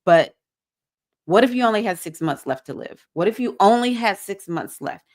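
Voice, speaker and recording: A woman with a Southern accent hosting a livestreamed spiritual circle for women, talking in an earnest, preachy way with bursts of excitement. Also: medium pitch, normal speed. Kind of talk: livestream talk to a women's group.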